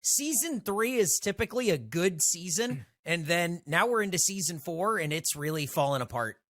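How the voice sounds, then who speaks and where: A man co-hosting a casual podcast chat, talking in a wry, hesitant, deadpan way. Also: high-pitched, normal speed. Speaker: podcast co-host.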